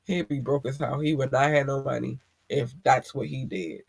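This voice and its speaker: A man's voice: mid-range voice, steady tone, moderate pace, vocal fry, breathy edge, no echo. A man hosting a podcast, giving blunt, profane advice in a casual monologue. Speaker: podcast host.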